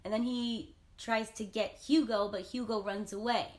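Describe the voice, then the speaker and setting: Animated woman retelling a story. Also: on the high side, moderate pace. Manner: animated storytelling, acting out quotes. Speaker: film recapper. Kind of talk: casual chat.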